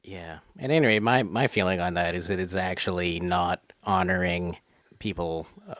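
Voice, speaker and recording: A man co-hosting a podcast in casual chat, measured and thoughtful, with hesitant fillers. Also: sits low, steady tone, fairly bright tone, no room sound. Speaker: podcast co-host.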